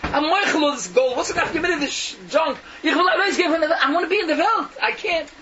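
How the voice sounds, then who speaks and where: A man voicing a miserable caged female parakeet that wails high and laughs through its lament. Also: quick pace, sharp tone. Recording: dull lo-fi recording with faint noise.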